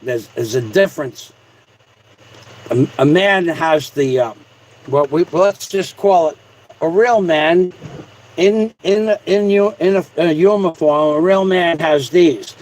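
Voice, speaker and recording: A man with a fairly high voice hosts a casual livestream. He rambles and jokes as he reads out viewer comments, throwing in repeated shout-outs. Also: slow, low-quality recording. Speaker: livestream host.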